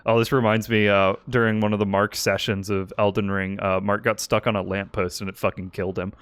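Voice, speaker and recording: A man's voice: fairly low pitch, little pitch movement, a little fast, a bit bright, clean tone, dry recording. Laughing, rambling man, dry sound. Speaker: gaming co-host. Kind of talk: casual gaming chat.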